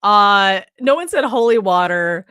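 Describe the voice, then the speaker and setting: A young adult woman co-hosting a casual horror movie review, animated and profane, acting out the characters' lines. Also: medium pitch, a little slow, clear, resonant tone, no echo, studio quality. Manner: animated, swears often, acts out characters' lines. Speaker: podcast co-host.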